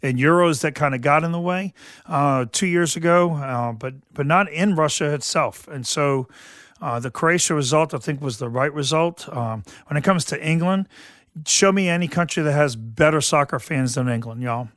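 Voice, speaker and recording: A man's voice: fairly high pitch, moderate pace, a bit bright, no echo, clean studio sound. A man from southeastern Louisiana, hosting a radio sports talk show in a rambling, folksy way full of fillers and restarts. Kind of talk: casual sports commentary.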